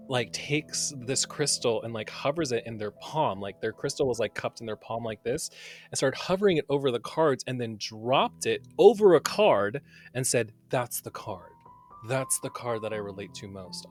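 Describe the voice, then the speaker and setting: Chatty podcast co-host, man, swears freely, restarts a lot, voice in a middle range. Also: medium pitch. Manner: expressive, swearing, many fillers and restarts. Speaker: podcast co-host and tarot reader. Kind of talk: casual chat.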